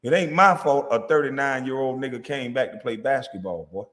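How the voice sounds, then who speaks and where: A man's voice: mid-range voice, fairly quick, a bit bright, in a large hall. A man, a former basketball player, delivering a heated, profane, confrontational rant at a critic. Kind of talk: angry rant.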